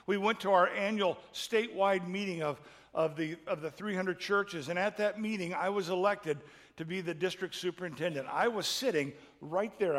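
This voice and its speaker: Impassioned middle-aged pastor in a hall. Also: male voice, sits high. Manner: emotional storytelling, rising to loud impassioned peaks. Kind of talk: sermon.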